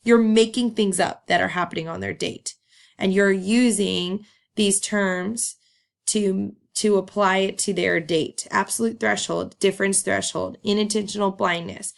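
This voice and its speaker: A woman's voice: medium pitch, fairly even intonation, a little slow, vocal fry. A woman teacher giving a recorded lesson in a chatty, upbeat way, with frequent ums. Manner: chatty, upbeat, laughs and says um often.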